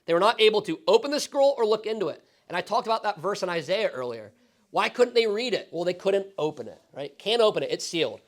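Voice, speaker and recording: High-voiced pastor teaching casually. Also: male voice, very animated, fast talker. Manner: casual, asks the class questions, frequent "right?". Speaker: pastor teaching Bible study. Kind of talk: conversational Bible teaching. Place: church classroom.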